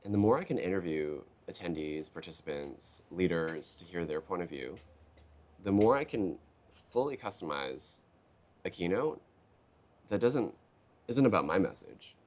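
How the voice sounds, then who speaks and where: A man's voice: sits low, moderate pace. A man, a keynote speaker, talking in a conversational interview, telling stories and acting out quotes in a raised voice. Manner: animated storyteller, acts out quotes in a raised voice. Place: live event booth.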